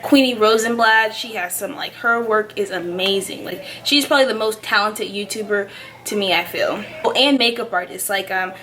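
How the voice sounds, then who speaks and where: A woman's voice: medium pitch, normal speed, a bit bright, a little hiss or hum. A young adult woman chatting casually to camera as a vlogger, rambling with lots of fillers. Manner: rambling, filler-heavy, many "like"s.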